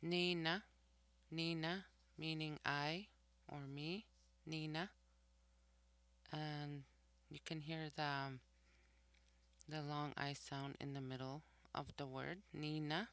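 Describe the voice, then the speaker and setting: A language teacher talks through a recorded vocabulary lesson at a slow, deliberate pace. Each word is said twice and then its meaning is explained, all in a level, even voice. The recording is dry and close. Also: medium pitch, clear, resonant tone, no echo. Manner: explains each word's meaning after saying it.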